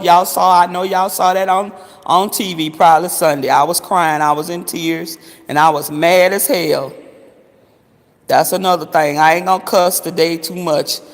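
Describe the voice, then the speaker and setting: A man chatting casually to his viewers, calling them honey and swearing freely. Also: sits high. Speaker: vlogger. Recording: long reverberant echo.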